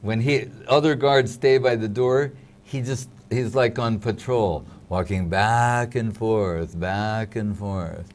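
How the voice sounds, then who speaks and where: Guy with kinda low voice, talks real slow, chill chat, jumps in to help finish sentences. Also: a little mellow. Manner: unhurried, adds short agreements and helps finish the other man's sentences. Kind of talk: casual conversation, sharing memories.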